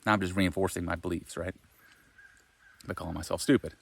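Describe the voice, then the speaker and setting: A man talks straight to the camera in a casual self-help monologue. His voice sits on the low side and the sound is dry and close. He rambles, speaks frankly and swears freely. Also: fairly even intonation, brisk, gravelly, no room sound.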